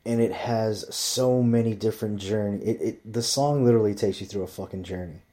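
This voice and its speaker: A man's voice: fairly low pitch, brisk, mellow. A man telling rambling stories in casual chat, swearing constantly as he talks. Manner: profane, rambling storyteller.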